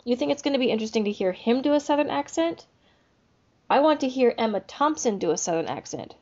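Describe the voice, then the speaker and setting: A woman's voice: a little high, lively intonation, fast, darkish tone, dull audio. A woman co-hosting a book podcast, chatting casually in an easygoing way. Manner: easygoing, laughs along often. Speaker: podcast co-host. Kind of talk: casual chat.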